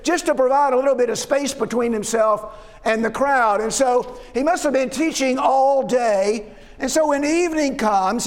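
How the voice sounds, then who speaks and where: A man preaching a sermon as pastor, in a conversational, folksy way with chuckling asides. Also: extremely high pitch. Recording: long hall reverb.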